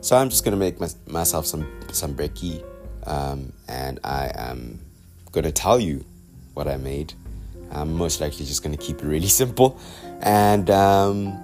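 A man's voice: extremely low pitch, animated, unhurried, over music. A young man with a South African accent, hosting a rambling solo podcast in a loose, self-mocking way, full of fillers and digressions. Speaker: podcast host. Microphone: podcast microphone.

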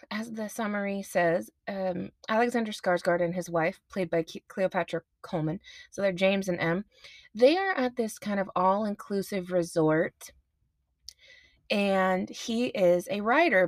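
A woman's voice: mid-range voice, no echo. A woman hosting a casual movie review podcast, chatty and self-aware, laughing easily as she talks. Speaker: podcast host.

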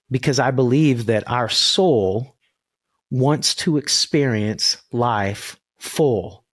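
In a clean studio recording without room sound, a man of medium pitch works as a voice coach and joins a podcast conversation by video call. His storytelling is animated, earnest and spiritual as he discusses spirit and energy.

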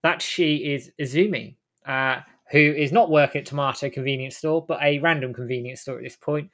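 A man hosting a casual chat, walking through a story scene by scene in a loose, rambling way. He stops mid-sentence to correct names and details as he goes. His voice sits at an ordinary middle pitch. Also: normal speed, a bit bright. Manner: rambling, self-correcting plot retelling. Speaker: host recapping a game.

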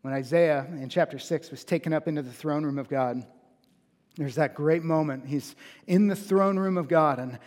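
A man preaching a sermon in earnest. He builds to emphatic peaks and slows down on key phrases. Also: on the high side, a little mellow, long reverb tail. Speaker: pastor.

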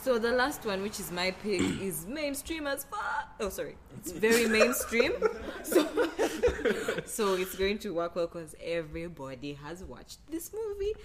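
A young woman co-hosting a casual chat, speaking candidly and chattily, with laughing asides. Her voice sits at an ordinary middle pitch. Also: big pitch swings, unhurried, crowd noise. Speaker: podcast co-host.

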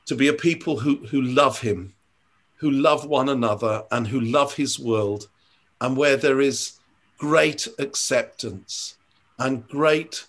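An older man speaks in an ordinary, mid-pitched voice, earnest and reflective. He is a church leader chatting in an interview. He often hesitates and restarts his sentences as he thinks. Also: a bit bright. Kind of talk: conversational interview storytelling.

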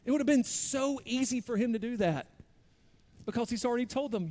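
A man preaching a sermon in a conversational, self-deprecating way, moving between quiet asides and louder bursts. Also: sits high, expressive, normal speed, big-room sound. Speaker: pastor.

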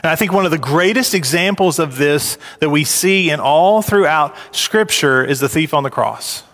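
A man preaching a sermon, his voice climbing high and loud when he acts out complaining workers. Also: animated, moderate pace, in a large hall. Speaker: pastor.

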